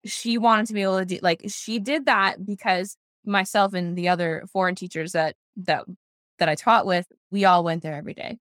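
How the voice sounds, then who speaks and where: A woman's voice: medium pitch, steady tone, moderate pace, fairly bright tone, no echo, studio quality. A woman co-hosting a podcast, effusive and gushing as she tells a story in casual chat.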